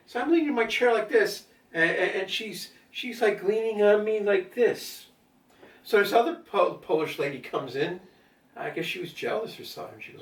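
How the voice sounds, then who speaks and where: A man's voice: sits high, very animated, normal speed. An older man talking casually at home in a rambling monologue, with lots of fillers and asides to his cat. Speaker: vlogger. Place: at home during a power outage. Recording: roomy echo, mic at a distance.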